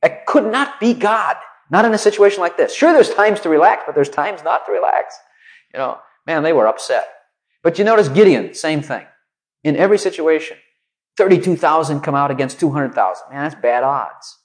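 Lively, conversational male preacher. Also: fairly high pitch, brisk. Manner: conversational, animated storytelling, many asides. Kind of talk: sermon.

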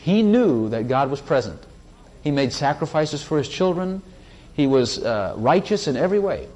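A man preaching a sermon, praying and sharing testimony, who rises in pitch and volume at emphatic points and reads scripture slowly. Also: darkish tone. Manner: slow, drawn-out scripture reading.

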